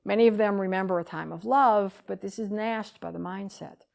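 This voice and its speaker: A woman giving a talk, telling a story with animated swings between loud bursts and hushed lines. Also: mid-range voice, normal speed, gravelly. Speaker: speaker.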